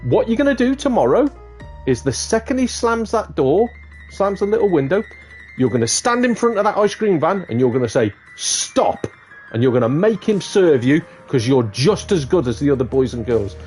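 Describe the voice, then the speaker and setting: A man's voice: on the high side, big pitch swings, fairly quick, darkish tone, voice pushed up. A stern, no-nonsense mum who coaxes and lectures, as a man puts her on in a joke. The voice sits well above a man's own and rises and falls a lot, with faint music behind. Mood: coaxing. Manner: stern and coaxing.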